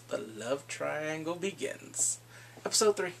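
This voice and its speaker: A man chatting through a drama recap with a lot of energy, his voice sitting a bit high and swinging all over. There's a gravelly, husky edge to it, and he laughs often as he acts out the characters' lines. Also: animated, moderate pace, fairly bright tone. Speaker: drama reviewer. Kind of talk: casual episode recap.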